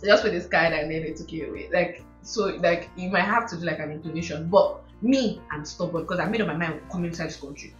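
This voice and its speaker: A young woman telling stories in casual chat, laughing often and mimicking how others talk. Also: mid-range voice. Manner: expressive storyteller, mimics accents, laughs often. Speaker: guest, host's sister. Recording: roomy, dull sound with faint music.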